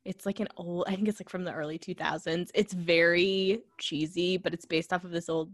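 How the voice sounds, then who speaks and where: Giggly low-voiced woman podcaster. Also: brisk, dry recording, studio quality. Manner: relaxed, rambling, giggly. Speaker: podcast co-host. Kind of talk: casual chat.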